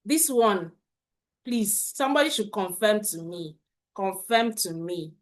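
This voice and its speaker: A woman's voice: medium pitch, lively intonation. A woman teaching a live parenting webinar, repeating her points and asking viewers in the chat to confirm. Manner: slow, repetitive, asks the chat to confirm. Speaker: parenting coach.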